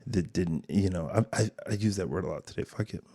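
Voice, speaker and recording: A man hosting a casual podcast and talking in a slightly low voice. He rambles candidly and swears freely. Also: a little fast, warm tone. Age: adult father of two. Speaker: podcast host.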